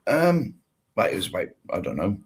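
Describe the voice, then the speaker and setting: A man's voice: fairly low pitch, very animated, moderate pace, husky. A man co-hosting a casual chat show, telling blunt stories and laughing at himself. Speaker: podcast co-host.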